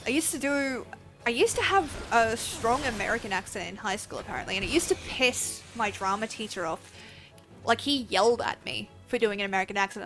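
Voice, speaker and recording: A woman's voice: on the high side, animated, a little fast, a bit bright, faint music behind. A young Australian woman chatting casually while livestreaming a game, rambling, laughing and swearing freely. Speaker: game streamer. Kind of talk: casual live-stream chat while gaming.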